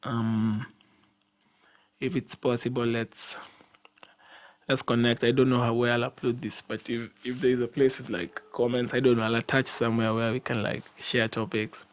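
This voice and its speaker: A young man with a Kenyan accent talks alone on his podcast in a mid-pitched voice. He rambles and restarts his sentences, often slipping into a preachy, exhorting tone. He sounds sleepy after a long day. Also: level tone, moderate pace. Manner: rambling, repeats himself, frequent restarts and fillers. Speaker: podcast host. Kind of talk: casual solo podcast monologue.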